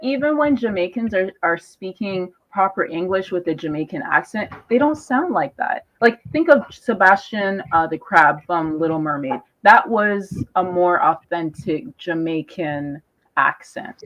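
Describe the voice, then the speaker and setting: A woman's voice: on the low side, lively intonation, measured pace, fairly bright tone. A Canadian-born woman on a live discussion panel, talking emphatically with lots of fillers and cutting in over others. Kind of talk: casual group discussion. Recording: dull lo-fi live stream audio.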